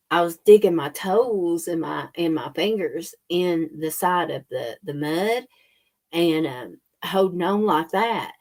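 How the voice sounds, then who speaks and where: A woman telling a personal story in a slow, halting way with many fillers. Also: on the low side, a little mellow. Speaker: spiritual channel host. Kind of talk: casual storytelling.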